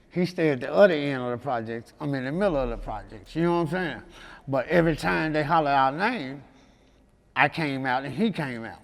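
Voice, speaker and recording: Memphis man with a gravelly, slightly high voice, telling street stories with easy laughs, heard in a reverberant hall. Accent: Memphis Southern US. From Memphis, USA. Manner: loose and laughing, keeps saying "you know what I'm saying". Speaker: rapper guest. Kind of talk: casual interview storytelling.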